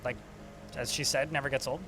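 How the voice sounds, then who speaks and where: A man's voice: mid-range voice, fairly even intonation, a little fast, heavy background noise. A man casually commentating a strategy game while streaming, chatty and swearing now and then. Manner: chatty, swearing, talks to chat.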